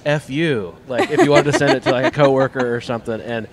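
A man's voice: medium pitch, quick pace, very noisy. A man co-hosting a podcast, joking and teasing his guests in a busy convention hall. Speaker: podcast co-host. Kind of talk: casual chat.

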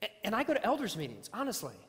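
Preacher in an echoing church. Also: male voice, sits high, huge pitch swings, very fast, a little hiss or hum. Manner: earnest storytelling with self-deprecating humor; repeats phrases and restarts words. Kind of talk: sermon. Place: church sanctuary. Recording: long hall reverb.

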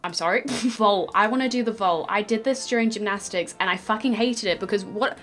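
Woman gamer, crude and sarcastic, bright and lively, music faint underneath. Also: mid-range voice, fairly quick. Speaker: gaming YouTuber. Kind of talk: casual gameplay commentary.

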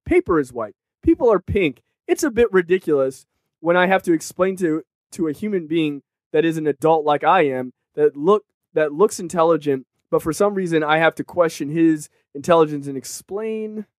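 Male podcast co-host, animated and profane, slightly high voice, dry close sound. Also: moderate pace, dry recording. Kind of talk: casual film podcast discussion.

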